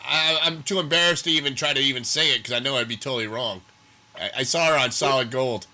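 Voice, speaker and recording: A man in casual chat, halting and trailing off as he talks. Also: mid-range voice, pushed and bright. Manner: hesitant, trailing off.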